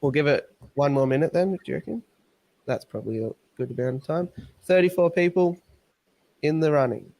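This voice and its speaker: An Australian man hosting a casual live stream, talking in a relaxed, rambling way. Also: a little high, a little fast. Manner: relaxed, rambling, many fillers and restarts.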